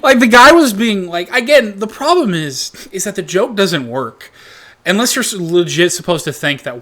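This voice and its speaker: A man's voice: high-pitched, normal speed. Rambling, profane male reaction host. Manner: rambling, animated, swears a lot. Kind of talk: profane comedic commentary.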